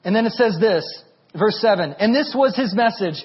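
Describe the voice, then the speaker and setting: Animated high-voiced male preacher. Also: normal speed, muffled recording. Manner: animated, rising to near shouting at peaks. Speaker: pastor. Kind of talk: sermon.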